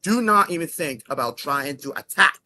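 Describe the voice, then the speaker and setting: A man's voice: fairly high pitch, lively intonation, normal speed, sharp tone. A man as a guest in a heated argument, angry and swearing, repeating himself over and over.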